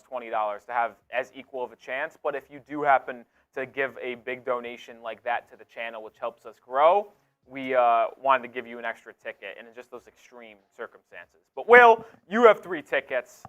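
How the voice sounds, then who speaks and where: A young man co-hosting a live sports stream, reading viewer super chats in an energetic, casual way with loud excited bursts. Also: mid-range voice, muffled recording.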